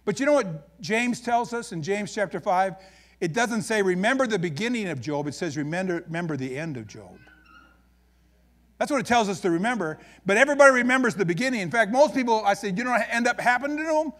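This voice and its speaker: A man's voice: high-pitched, fast talker. A man with an Upper Midwest American accent preaching a sermon as pastor, folksy and joking as he tells stories. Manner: folksy, joking, animated storytelling.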